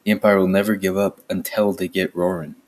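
Guy reading as angry villager, reproachful, low voice. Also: flat delivery, a little fast, close to an everyday voice. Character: angry doubting village man.

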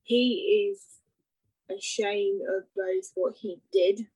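A woman's voice: mid-range voice, steady tone, slow pace, warm tone, breathy edge, dry recording, low-quality recording. A woman talking thoughtfully as a podcast co-host, laying out her points one by one. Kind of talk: casual chat reviewing a TV drama.

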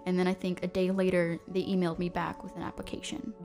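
A woman's voice: on the low side, little pitch movement, quick pace, music in the background. A young woman guest on a podcast, talking casually with frequent laughs and fillers. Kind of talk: casual interview chat.

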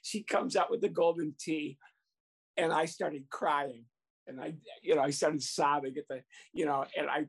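With a voice on the high side that is creaky and slightly rough, a man tells a comic tale from his years as a youth baseball coach at a moderate pace. He's animated, bursts into laughter, and imitates the people in the story.

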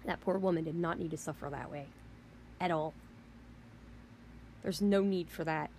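A woman's voice: sits low, moderate pace, a little mellow, a little hiss or hum. A woman hosting a podcast, ranting in an indignant, heated way with mild swearing and frequent restarts. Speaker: podcast host. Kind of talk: casual rant.

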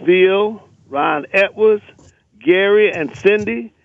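A man's voice: high-pitched, takes it slowly. Fiery male caller on a tinny phone line. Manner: fiery, emphatic, repeats rallying lists. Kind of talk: impassioned radio call-in rant. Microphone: telephone.

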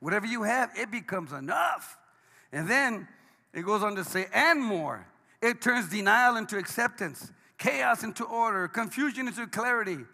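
A man, a pastor, preaching a sermon, swinging between hushed lines and shouted ones. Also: high voice, lively intonation, normal speed. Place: church sanctuary. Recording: long hall reverb.

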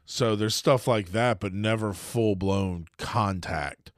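A man's voice: on the low side, slow, no room sound, clean studio sound. A man co-hosting a podcast, telling wrestling stories in a laid-back, amused way, with a lot of restarts. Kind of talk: casual storytelling chat.

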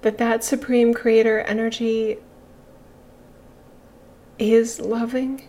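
Slow, halting woman spiritual teacher. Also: fairly high pitch, little pitch movement, mellow. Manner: slow, halting, with pauses and sighs. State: emotional, tearful. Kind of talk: reflective spiritual talk.

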